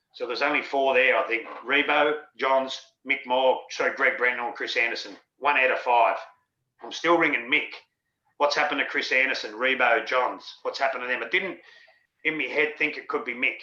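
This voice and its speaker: A man's voice: medium pitch, sharp tone. A middle-aged Australian man telling rambling, candid stories as an interview guest, swearing freely. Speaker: interview guest, former rugby league player. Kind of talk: candid storytelling. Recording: dull lo-fi sound in an echoey room.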